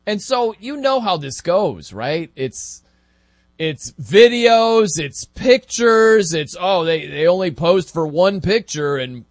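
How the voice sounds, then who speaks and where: A man hosting a casual sports talk show, chatty and animated, with laughing asides. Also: fairly high pitch, no room sound.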